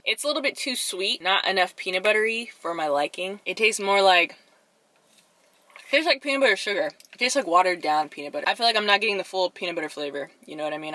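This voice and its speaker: A young woman talks casually to the camera from inside her car. Her voice sits on the low side but sounds bright and sharp. Her delivery is chatty and animated, with dramatic flair. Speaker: vlogger. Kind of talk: casual chat.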